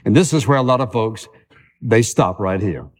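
A man's voice: lowish voice, moderate pace, slight background noise. Man preaching in a reverberant church. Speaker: pastor. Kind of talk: sermon. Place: church sanctuary. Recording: long hall reverb.

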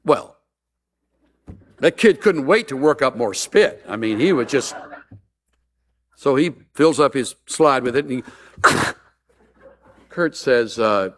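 A man's voice: medium pitch, big pitch swings, a little slow, pauses often. A man preaching a sermon as a pastor, mixing humorous stories with earnest appeals.

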